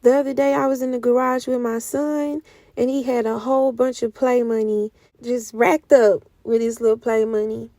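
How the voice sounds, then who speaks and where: A young woman giving an emotional spoken testimony, moving between hushed whispers and loud outcries. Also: fairly high pitch, steady tone, no room sound. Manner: speaks slowly with heavy pauses. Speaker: prophetic speaker. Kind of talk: testimony sermon.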